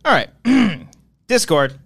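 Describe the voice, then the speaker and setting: A man's voice: sits high, sing-song, takes it slowly, fairly bright tone, husky, no room sound. A man hosting a podcast in a studio, chatting casually, joking and swearing freely. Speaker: podcast host. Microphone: studio mic with headphones.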